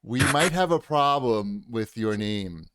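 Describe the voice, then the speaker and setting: A man co-hosting a casual podcast chat, joking around and often trailing off quietly. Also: on the low side, expressive, a little slow, clean tone, dry recording. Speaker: podcast co-host.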